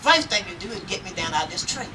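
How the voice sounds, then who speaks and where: A storyteller woman voicing a nosy, clever male rabbit who talks fast and repeats himself, recorded from afar outdoors. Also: mid-range voice, lively intonation, natural voice. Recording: outdoor, mic far off, faint noise.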